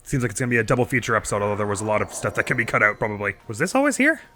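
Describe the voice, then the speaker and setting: A man's voice: fairly low pitch, steady tone, very fast, bright, forceful tone, a little hiss or hum. A man casually commenting on his gameplay as a let's play host, chatty and self-deprecating, laughing often.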